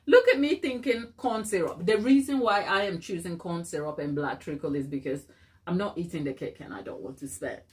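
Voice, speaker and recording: A woman's voice: lowish voice, expressive, brisk. A woman hosting a casual baking live stream, thinking aloud as she works, reading viewer comments and laughing often. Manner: thinks aloud while working.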